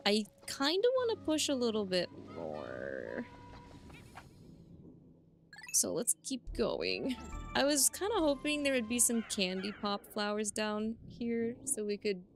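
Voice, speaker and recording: A young woman streaming a game live, commenting in an excitable way, often yelling, swearing and laughing at the screen. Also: mid-range voice, slow pace, faint music behind. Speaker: VTuber streamer.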